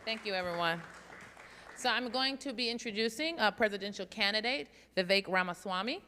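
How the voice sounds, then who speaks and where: A woman chairing an event, reading a formal introduction of a speaker in a measured way. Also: mid-range voice, sharp tone, some chatter behind, slight background noise. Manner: measured, reads from notes. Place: large conference hall. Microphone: stage microphone. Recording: long hall reverb.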